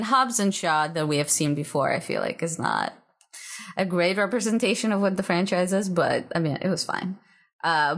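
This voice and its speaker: A woman co-hosting a casual movie podcast in a lowish voice and at a slow, unhurried pace. She laughs often and pads her points with likes and I means. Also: gravelly, fairly bright tone. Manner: dry, laughing often, hedging with fillers. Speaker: podcast co-host. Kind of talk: casual movie-review chat.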